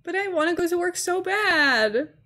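Woman, high-pitched, gaming livestream, casual chat, giggly, chatty. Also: animated, moderate pace, bright, forceful tone. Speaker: streamer.

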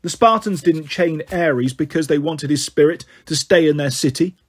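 Man voicing a calm, reassuring teenage girl. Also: fairly high pitch, moderate pace, slightly rough. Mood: firm. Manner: soothing, firm.

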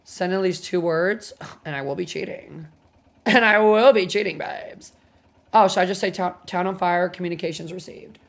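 A woman streamer chatting casually while gaming, excitable, swearing freely and gushing thanks to her viewers. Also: lowish voice, normal speed. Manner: excitable, swears a lot, gushes over viewers. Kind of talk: casual game livestream chatter.

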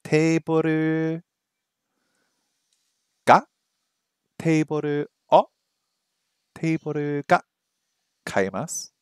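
A man's voice: fairly high pitch, steady tone, a little slow, long pauses, clean tone, no echo, studio quality. Man thinking aloud while drilling phrases. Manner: thinks aloud, repeats phrases over and over, self-mocking. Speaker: streamer learning a language. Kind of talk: casual think-aloud study stream. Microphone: streaming microphone that picks up his voice weakly.

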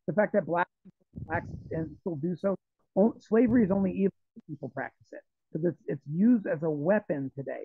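Brief: high-pitched male interview guest, rambling storyteller, dry phone-quality audio. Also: breathy edge, no echo. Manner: rambling, animated storytelling with frequent restarts. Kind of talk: conversational interview. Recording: tinny, phone-like dry sound.

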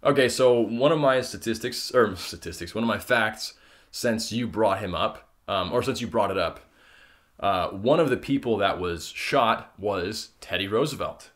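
A man co-hosting a podcast in casual, laid-back chat, often laughing and pausing on fillers. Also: on the low side, a bit bright. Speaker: podcast co-host.

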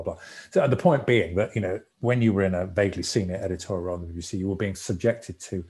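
A man in his sixties giving an anecdotal public talk as a former broadcasting executive, telling stories in a relaxed, conversational way. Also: sits low. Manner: conversational storyteller, relaxed and reflective.

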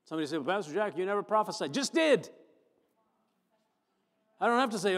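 A man, a pastor, preaching a sermon, moving from chatty storytelling to fervent, loud emphasis. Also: sits high, lively intonation, a little fast. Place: church sanctuary. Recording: long church hall reverb.

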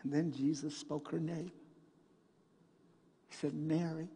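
A man preaching a sermon in a church sanctuary, his gravelly voice sitting slightly high. He takes his time, moving between loud, emphatic passages and quiet, hushed storytelling. A long reverb from the hall trails after his words. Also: level tone, slow. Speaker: pastor.

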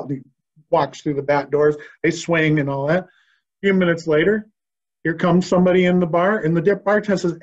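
A high-pitched man rambles through a joke in a self-deprecating, casual way. He hosts a staff meeting over a video call. The audio is dull and lo-fi. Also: lively intonation, brisk.

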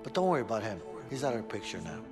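Einen schroffen Häftling im Videospiel. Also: male voice, fairly low pitch, big pitch swings, racing, a little mellow, faint music behind. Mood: tense. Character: gruff adult male prison inmate. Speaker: video game characters. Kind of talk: game cutscene dialogue.

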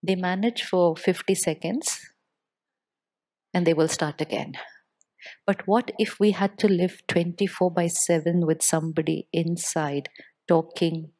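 A woman giving a spiritual talk to a live audience, speaking with deliberate pauses and putting questions to the listeners. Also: fairly low pitch, a little mellow.

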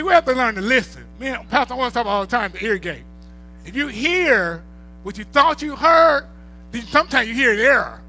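A man preaching a sermon, emphatic and repetitive, swinging from quiet reflection to loud declarations. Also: extremely high pitch, poor audio.

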